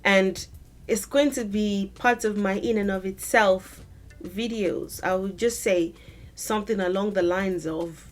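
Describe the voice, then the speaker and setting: A woman language teacher explaining word meanings in a thoughtful, conversational way, pausing to rephrase and to model pronunciations. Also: mid-range voice, faint music behind.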